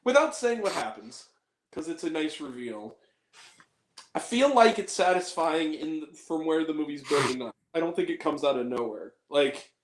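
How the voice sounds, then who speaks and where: A man's voice: a little high, normal speed, reverberant, a little hiss or hum. A man hosting a casual film podcast, talking animatedly and quoting movie lines. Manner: animated, quotes movie lines in put-on voices. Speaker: podcast host.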